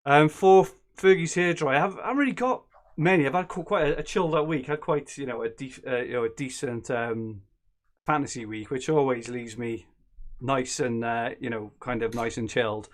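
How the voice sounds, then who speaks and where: A man talks football and family life in loose, rambling podcast banter, often correcting himself mid-sentence. His voice sits at a middle pitch. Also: fairly quick. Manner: rambling, self-correcting, joking. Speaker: podcast co-host. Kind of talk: casual banter.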